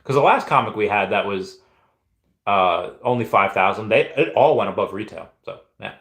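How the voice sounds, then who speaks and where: A man's voice: on the low side, lively intonation, fairly bright tone. Rambling man in an echoey room. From Peru. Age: 30s. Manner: rambling, halting, lots of restarts. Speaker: streamer reading live chat. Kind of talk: casual live stream chat.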